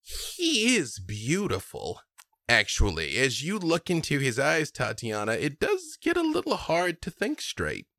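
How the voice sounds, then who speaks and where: An expressive male game master narrates a tabletop game at an unhurried pace. His voice is bright, and his pitch moves up and down a lot. He sits on the lower side of the male range. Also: gravelly, no room sound, studio quality.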